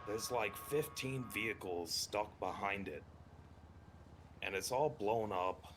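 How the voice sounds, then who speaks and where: A man's voice: fairly low pitch, takes it slowly, music in the background. A man streaming a roleplay game, telling a rambling, profane story in casual chat with lots of fillers. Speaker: streamer playing a tow truck driver.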